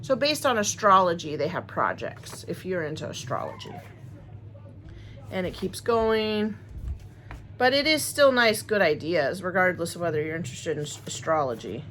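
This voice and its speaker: A woman's voice: fairly low pitch, expressive, normal speed, a bit bright, a little hiss or hum. A woman chatting casually to her viewers, rambling and friendly as she unboxes crochet supplies. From Wisconsin, USA. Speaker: crochet vlogger.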